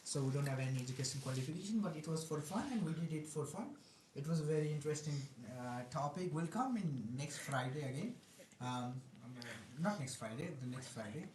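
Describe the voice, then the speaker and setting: A man's voice: fairly high pitch, brisk, slight background noise. A young man hosting a casual podcast chat with friends, talking animatedly and laughing often. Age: young adult. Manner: animated, laughs often, practicing a put-on accent. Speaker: podcast host. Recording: echoey room.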